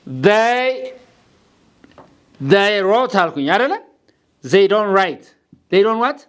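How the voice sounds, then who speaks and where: A man's voice: high-pitched, sing-song, a little slow, a bit bright, clear, resonant tone. A man teaching an English grammar lesson in a classroom, quizzing his students and mixing English with Amharic.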